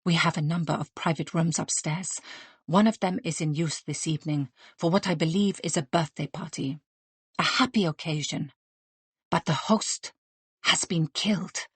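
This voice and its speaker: A woman's voice: low-pitched, fairly even intonation, husky, dry recording. A woman voicing a willowy, courtly male restaurant manager who speaks in a formal, decorous way. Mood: grave. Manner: formal, decorous, measured speech.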